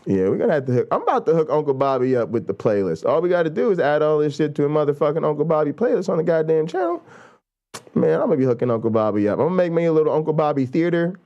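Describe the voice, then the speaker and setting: Hype-man co-host, profane riffing, voice leaping all over the pitch range. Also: highs cut off. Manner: excitable, hyping, big pitch swings. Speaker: show co-host.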